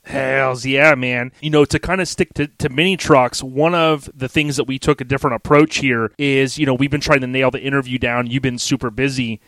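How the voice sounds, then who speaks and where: A man's voice: medium pitch, fairly even intonation, fairly quick, hardly any pauses, a bit bright, no room sound. A man in his forties hosting a podcast, talking in a laid-back, slangy way and laughing often. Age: 40s. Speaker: podcast host. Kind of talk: casual podcast chat.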